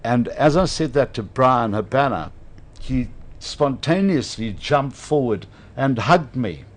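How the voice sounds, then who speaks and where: A man hosting a radio chat, spinning a lively anecdote with plenty of laughter. His pitch sits in an ordinary middle range, and his delivery is relaxed and conversational. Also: takes it slowly. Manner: animated anecdote teller, laughs often. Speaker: radio host. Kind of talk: casual storytelling chat.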